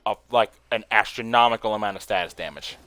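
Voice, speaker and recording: Excitable young man commenting on gameplay. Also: fairly low pitch, fast talker, no room sound. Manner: excitable, laughs often, swears casually. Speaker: gaming streamer.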